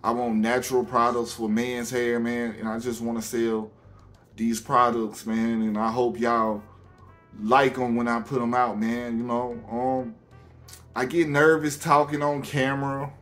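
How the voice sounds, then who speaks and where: This young YouTuber from Alabama has a Southern accent and a fairly bright, level, mid-range voice. He talks casually to camera on his own channel, pausing and restarting with many ums, while faint music plays.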